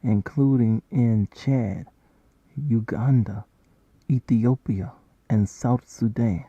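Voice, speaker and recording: Man, formal measured statement, dry, dull lo-fi playback. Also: mid-range voice, mellow, no echo. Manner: measured, deliberate. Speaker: aid organization spokesperson. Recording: dull, lo-fi played-back clip.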